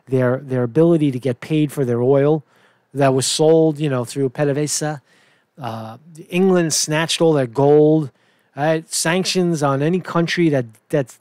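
A man's voice: fairly high pitch, a little mellow, no echo, studio quality. A man giving solo political commentary, reading news aloud and reacting indignantly, rambling with frequent "right?" asides and swearing.

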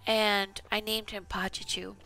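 A woman's voice: mid-range voice, level tone, unhurried, creaky, sharp tone, faint music behind. A woman casually talking to herself as she plays a video game, chatty and self-mocking. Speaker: gaming channel host. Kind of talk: casual gameplay commentary.

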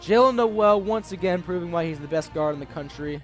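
A young man giving raging, expletive-filled commentary over his own basketball game, yelling and cursing at the players. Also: high-pitched, fairly quick, hardly any pauses. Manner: swears constantly, yells and curses at the game. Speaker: gaming channel host. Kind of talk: raging live gameplay commentary. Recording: game music behind the voice.

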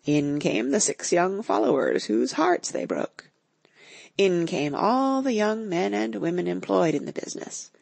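A woman narrating an audiobook in an expressive storytelling manner. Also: lowish voice, measured pace, vocal fry, dry recording. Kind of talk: scripted narration.

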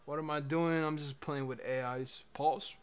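A man's voice: fairly high pitch, fairly even intonation, normal speed, clean tone. A young man streaming, teasing a chatbot with crude, mocking remarks. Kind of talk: casual livestream commentary.

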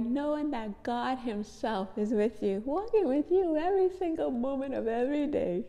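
Woman, tired and tearful, heartfelt faith testimony, repeats phrases, slightly high voice, reverberant room. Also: lively intonation, moderate pace, hardly any pauses, dark tone. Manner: heartfelt, repeats phrases, addresses viewers as guys. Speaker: faith vlogger. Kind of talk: emotional testimony to viewers.

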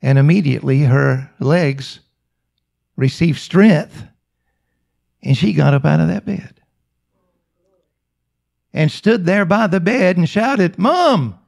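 A male preacher telling a story in a sermon, with slow, emphatic, repetitive phrasing. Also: a little high, creaky, darkish tone.

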